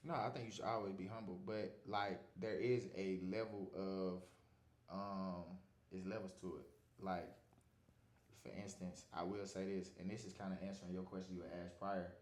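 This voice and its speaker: A man, a podcast guest telling stories in a relaxed, slangy way. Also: sits low, normal speed, reverberant. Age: 20s. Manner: laid-back, slangy storytelling. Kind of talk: casual podcast chat.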